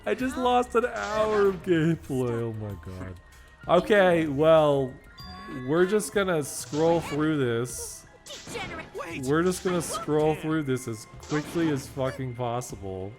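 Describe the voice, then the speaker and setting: A young man streaming a video game from his home setup, ranting and swearing at himself in casual, self-mocking commentary. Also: a little high.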